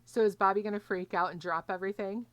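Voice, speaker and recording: A woman's voice: mid-range voice, fairly even intonation, fast talker, very noisy. A woman playing a video game and joking, reading dialogue choices aloud with sarcastic asides. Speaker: gaming streamer. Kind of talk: let's play commentary.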